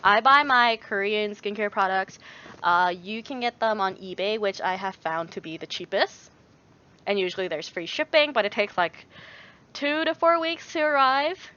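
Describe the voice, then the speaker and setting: Bright-voiced young woman chatting. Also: mid-range voice, expressive, moderate pace, clear, resonant tone, muffled recording. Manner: rambling, many fillers, reads viewer messages aloud. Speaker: YouTuber answering chat. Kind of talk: casual livestream chat.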